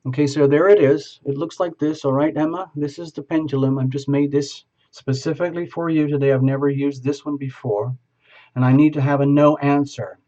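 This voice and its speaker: A man's voice: fairly high pitch, steady tone, fairly quick, warm tone, highs cut off. A man as a tarot reader, improvising a live reading and talking a viewer through each step.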